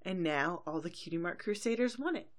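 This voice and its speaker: A woman co-host chatting casually about a cartoon episode. She is animated and slips into quick character voices as she narrates what happens. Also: lowish voice. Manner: animated, acts out characters' lines while retelling. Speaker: podcast co-host. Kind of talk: casual recap chat.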